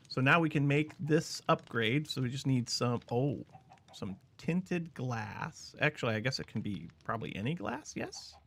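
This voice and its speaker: Guy game streamer thinking out loud, bit of vocal fry, talks to chat a lot. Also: medium pitch. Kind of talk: casual gameplay commentary.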